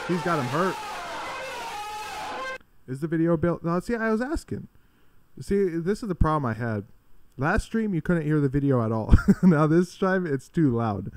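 A man giving casual live-stream commentary on fight videos, swearing freely, laughing often and breaking into excited shouts. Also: fairly high pitch, moderate pace, pauses often.

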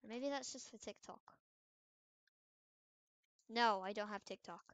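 A young woman giving casual commentary over a game she is playing, swinging between loud trash talk and quiet mumbled asides. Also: fairly high pitch, measured pace, dry recording. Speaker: gaming video creator.

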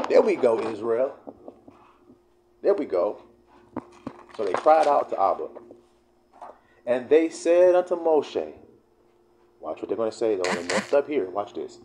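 Animated man teaching scripture in slang. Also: mid-range voice, a little hiss or hum. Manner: reads verses slowly, then explains in blunt profane slang. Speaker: Bible teacher. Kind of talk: casual scripture teaching video.

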